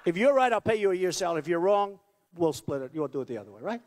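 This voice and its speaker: A man's voice: sits high, very animated, very fast, a little mellow. A man giving a rambling, boastful campaign rally speech that repeats itself, at a podium microphone in a large venue. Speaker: political candidate. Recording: long reverb of a large hall.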